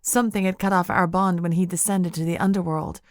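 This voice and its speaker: A woman reading first-person narration of an audiobook in a measured, intimate way. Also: fairly low pitch, steady tone, no echo, studio quality.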